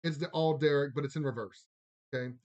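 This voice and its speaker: A man's voice: fairly high pitch, quick pace, a little mellow, muffled recording. A man from the Lafayette area of Louisiana with a Cajun accent, chatting casually on a live stream and doing a card reading. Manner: chatty, rambling, drawling "y'all", laughs often.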